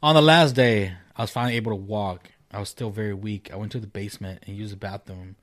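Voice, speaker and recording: A man's voice: lowish voice, fast. A man casually reading a first-person ghost story aloud, with laid-back, swearing banter between passages. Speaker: co-host reading ghost stories.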